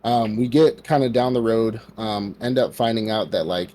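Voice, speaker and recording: A man with a lowish, mellow voice talks at a normal speed. As a podcast co-host, he loosely retells an anime plot, acting out the characters' lines and leaning heavily on "like" as a filler.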